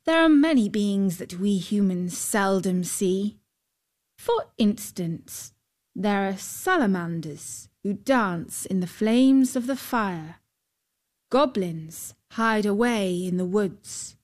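Female narrator, mid-pitched voice, slow unhurried storybook delivery. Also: lively intonation. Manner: slow, gentle, measured reading.

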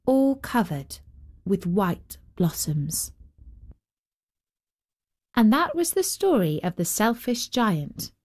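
Slow, lively woman reading a storybook. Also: medium pitch. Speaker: storyteller host. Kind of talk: scripted narration.

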